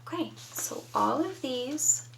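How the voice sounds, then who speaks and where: A woman's voice: high-pitched, lively intonation, takes it slowly, vocal fry, a bit bright, far from the mic, slight background noise, poor audio. A woman teaching young children from home, patiently prompting them to answer. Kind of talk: children's lesson.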